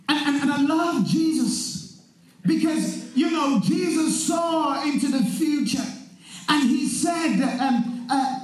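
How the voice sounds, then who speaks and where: A man with a very high voice delivers a sermon, speaking slowly and drawing out his words. He turns emphatic and often breaks into shouts. The sound rings through a very echoey hall. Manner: emphatic, rising to shouts, slows down for emphasis, acts out quotes. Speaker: preacher.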